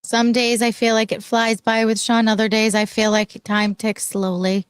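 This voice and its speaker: A woman co-hosting a casual live-stream show, gossiping and teasing her co-host with quick retorts. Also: fairly high pitch, level tone, clear, resonant tone, no echo. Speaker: podcast co-host.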